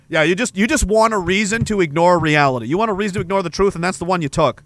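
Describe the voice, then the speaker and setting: A man's voice: high-pitched, quick pace, few pauses, a bit bright. A man hosting a podcast, ranting crudely and sarcastically and reading out chat comments. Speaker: podcast host. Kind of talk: casual livestream rant.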